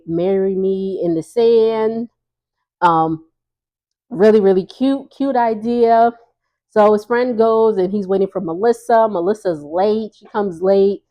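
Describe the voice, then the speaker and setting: A woman's voice: medium pitch, a little mellow. A woman casually recapping a reality TV episode in a chatty, sassy way, laughing often and acting out what people said.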